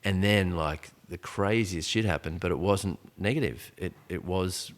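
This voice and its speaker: Podcast guest, male, around 40, deep voice, loose storyteller who keeps restarting. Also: unhurried. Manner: rambling, full of restarts and "like". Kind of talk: casual storytelling conversation.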